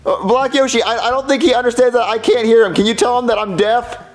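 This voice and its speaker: A man voicing Mario as a whiny, excitable grown plumber in a comedic puppet skit who yelps and stammers. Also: fast. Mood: confused. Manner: high-strung, yelps and stammers.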